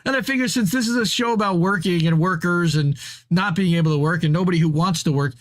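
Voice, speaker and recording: A man's voice: sits high, quick pace. A man co-hosting a podcast, ranting about labor in casual, profane, fired-up chat. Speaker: podcast co-host.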